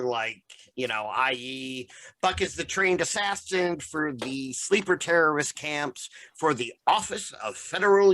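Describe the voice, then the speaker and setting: A man's voice: a little high, sharp tone. A young man hosting a casual podcast, recapping a comic book issue in a rambling, profane, joking way. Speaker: podcast host.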